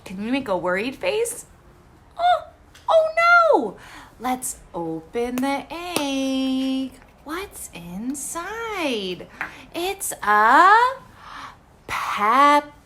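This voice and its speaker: A woman's voice: high voice, sing-song, very slow, noisy background. A woman speech therapist leading a word practice lesson for young children, talking in an exaggerated, encouraging sing-song with frequent gasps and carefully modeled words.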